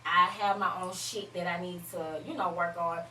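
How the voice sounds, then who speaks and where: A woman's voice: on the low side, fairly even intonation, normal speed, bright, forceful tone, slight background noise. A woman hosting a casual chat, talking emphatically and swearing freely. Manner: profane, emphatic, laughing banter. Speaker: podcast host. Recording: echoey room, voice from far off.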